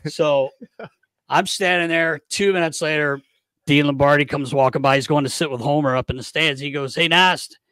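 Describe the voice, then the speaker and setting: A man hosting a podcast, telling a long, profane, animated story in a casual chat. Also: fairly high pitch, normal speed, no echo. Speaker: podcast host.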